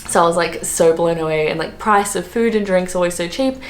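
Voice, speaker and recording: A hungover Australian woman chatting casually to camera as a travel vlogger, full of fillers and quick laughs. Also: lowish voice. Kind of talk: casual vlog chat. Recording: roomy echo, faint background noise.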